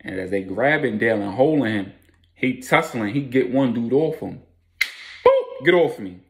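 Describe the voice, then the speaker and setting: A man's voice: mid-range voice, normal speed. Man telling a street story in slang. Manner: slangy, animated, with sound effects. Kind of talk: casual storytelling.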